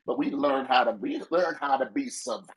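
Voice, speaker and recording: A man's voice: mid-range voice, fairly quick, breathy edge, low-quality recording. A man who is a pastor, talking on a podcast in an emphatic, preachy way and repeating his points. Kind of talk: casual chat.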